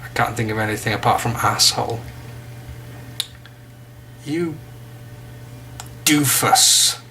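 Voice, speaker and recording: A man's voice: on the low side, monotone, quick pace, vocal fry, sharp tone, a little hiss or hum. An English man giving a casual vocabulary lesson, chatty with joking asides. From England. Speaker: English teacher.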